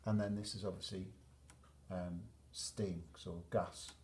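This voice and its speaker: A man teaching a chemistry lesson at a whiteboard, explaining steadily and pausing to draw graphs. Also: low voice, flat delivery, darkish tone, slight background noise.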